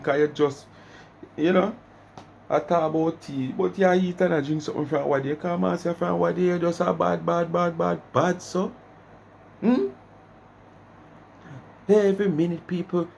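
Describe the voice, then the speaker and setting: A man's voice: on the high side, gravelly, slight background noise. A man with a Jamaican accent giving chatty commentary on a clip in patois. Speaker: commentary host.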